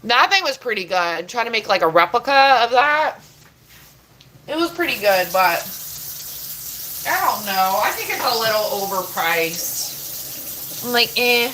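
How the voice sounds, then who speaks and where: A woman's voice: fairly high pitch, animated, a little slow, long pauses, bright, forceful tone, a little hiss or hum, low-quality recording. A woman casually chatting with her viewers in her home kitchen, rambling, full of "like" and casual swearing. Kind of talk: casual chat. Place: home kitchen, doing chores.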